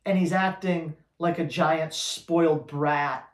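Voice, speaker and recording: A man's voice: on the high side, animated, slow pace. Man, dog trainer, blunt, teasing, roomy echo. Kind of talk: answering viewer questions.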